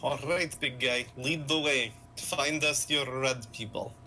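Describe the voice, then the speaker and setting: A man voicing a gruff male comrade in a put-on Russian accent, with slow, mocking bluster. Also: mid-range voice, steady tone, sharp tone, faint music behind.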